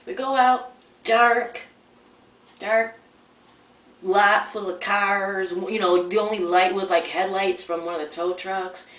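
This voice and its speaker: A woman tells a personal story in a loose, chatty way, circling back and restarting her sentences as she goes. She sits a little away from the mic, so her voice carries a roomy echo. Her pitch sits in the middle range for a woman. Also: fairly even intonation, normal speed. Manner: chatty, rambling, with many restarts. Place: at home, near a coffee maker. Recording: roomy sound from a distant mic.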